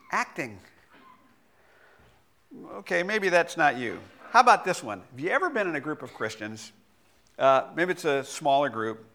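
Animated, bright-voiced male pastor preaching. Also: a little high. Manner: animated and self-deprecating, with laughs and repeated restarts. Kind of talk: sermon.

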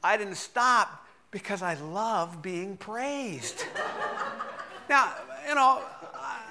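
Speaking extremely slowly in a high voice, a middle-aged pastor delivers a sermon. He tells a personal story with liveliness and frequent laughter.

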